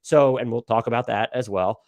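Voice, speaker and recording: A man's voice: mid-range voice, moderate pace, darkish tone, dry recording. A man hosting a live basketball talk stream, casual and rambling, swearing and stammering with lots of fillers. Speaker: NBA podcast host.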